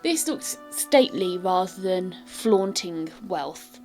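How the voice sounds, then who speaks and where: A woman's voice: fairly low pitch, lively intonation, takes it slowly, darkish tone, soft background music. A woman with a British accent narrating a tabletop game as game master in a chatty, descriptive way.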